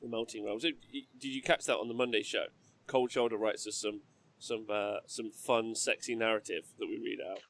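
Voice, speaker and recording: A man's voice: fairly low pitch, fairly even intonation, normal speed, a bit bright, a little hiss or hum. A man hosting a casual livestream, chatting with co-hosts and reading out viewer messages. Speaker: host.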